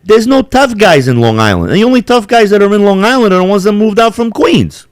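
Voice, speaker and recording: A man chatting on a show, his pitch swinging widely as he rambles and swears. The sound is close and dry, with no room around it. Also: a little fast, no room sound. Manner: profane, rambling, animated with put-on quotes. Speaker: podcast host. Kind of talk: casual chat.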